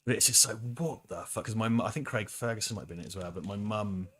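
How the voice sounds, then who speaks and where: A British man co-hosting a game stream, chatting casually in a sweary, rambling, animated way. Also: on the low side, fast talker, husky. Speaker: streamer co-host. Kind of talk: casual chat.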